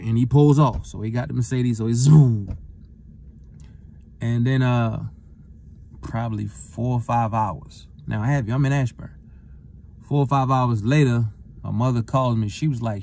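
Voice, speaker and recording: A middle-aged man, a retired football player, telling a personal story in a loose, rambling way that gets lively as he relives it. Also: medium pitch, moderate pace. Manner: relaxed, rambling with fillers, gets animated retelling the encounter. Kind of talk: casual storytelling monologue.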